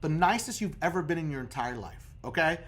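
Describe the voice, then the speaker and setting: A man's voice: a little high, expressive, a little fast. A man coaching viewers on credit repair in a casual instructional video, talking emphatically and checking in with the viewer over and over.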